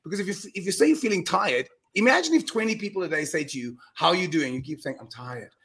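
A middle-aged man speaking as a guest on an interview podcast. He talks in an emphatic, earnest way, with quick restarts and repeated words. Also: high-pitched, animated, a bit bright. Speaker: guest speaker on mind power. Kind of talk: animated storytelling in a podcast interview.

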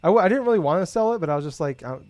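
A man's voice: high-pitched, very fast, dry recording. Rambling, profane man in casual chat. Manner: rambling, profane, animated storytelling.

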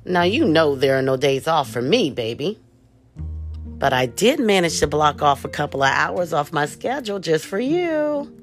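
A woman voicing a flattering, eager male executive boyfriend with a smooth, affectionate manner. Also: sits low, moderate pace, soft background music.

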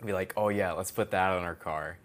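A young man with a very low voice co-hosting a casual chat. He talks in a laid-back, hesitant way, full of fillers. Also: fairly even intonation, a little fast. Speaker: podcast co-host.

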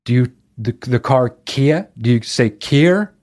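A man's voice: mid-range voice, fairly even intonation, unhurried, a little mellow. A man hosting a podcast, talking alone in a casual monologue, ranting with emphatic profanity and frequent restarts. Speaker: podcast host.

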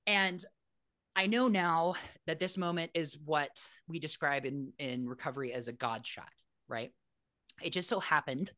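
Frank animated man telling his story. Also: a little high, no echo, studio quality. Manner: animated, acts out quoted voices; frank, self-deprecating, laughs often. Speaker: airline pilot guest. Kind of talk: casual interview storytelling.

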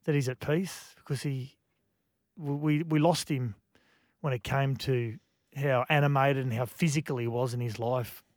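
A man, co-hosting a radio show, speaking in an emotional, reflective way with many halting restarts. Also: mid-range voice, steady tone, dry recording, studio quality. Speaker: radio co-host. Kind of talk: casual radio chat.

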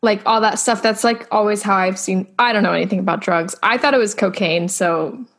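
A woman's voice: medium pitch, a little fast, a bit bright. A woman co-hosting a podcast, chatting casually and self-deprecatingly about a TV episode, full of questions. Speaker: podcast co-host. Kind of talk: casual chat recapping a TV episode.

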